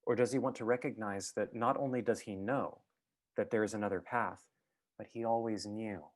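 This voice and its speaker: A man giving a reflective talk as a guest speaker, thoughtful and halting, with many fillers and restarts. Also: on the low side, fairly even intonation.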